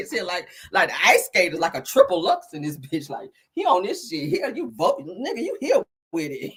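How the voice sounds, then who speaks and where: Woman gossip host; sassy, profane, bright and husky, very lively pitch. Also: moderate pace. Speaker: commentary host. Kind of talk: casual celebrity gossip commentary.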